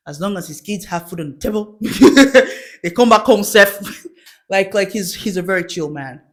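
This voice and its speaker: A woman's voice: medium pitch, normal speed. A woman hosting a comedy show, telling a self-mocking story about church gossip and laughing often as she goes. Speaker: host. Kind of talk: comic storytelling.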